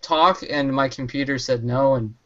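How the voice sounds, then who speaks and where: A man joining a casual review chat over his computer mic, quick and excited, rushing through his sentences. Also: mid-range voice, highs cut off. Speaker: show panelist. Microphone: computer mic on an online call.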